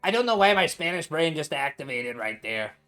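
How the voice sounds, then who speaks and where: A man imitating his Puerto Rican best friend, with a put-on Puerto Rican accent, gruff and blunt. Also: fairly high pitch, very animated, a little fast, bright, forceful tone, faint music behind.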